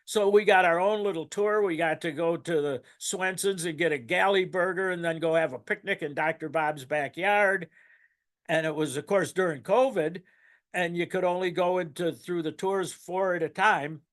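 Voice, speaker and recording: Speaking at normal speed, this older man has a high, slightly bright voice. His testimony at a recovery meeting wanders and turns emotional, with laughter and moments where he chokes up, in the manner of casual storytelling.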